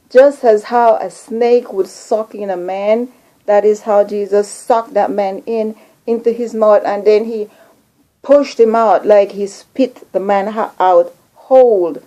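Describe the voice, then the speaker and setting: Slow, earnest woman recounting a dream. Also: a little high, dark tone, poor audio. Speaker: video channel host.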